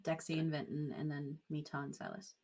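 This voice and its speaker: A woman player in a tabletop game, calmly explaining her character's choices. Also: sits low, a little fast. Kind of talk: casual tabletop play.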